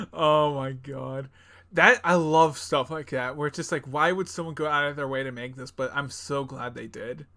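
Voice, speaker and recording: A young man co-hosting a casual gaming podcast, rambling with lots of fillers, laughing often and acting out game characters in quick bursts. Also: on the high side, bright, forceful tone. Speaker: podcast co-host. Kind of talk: casual chat.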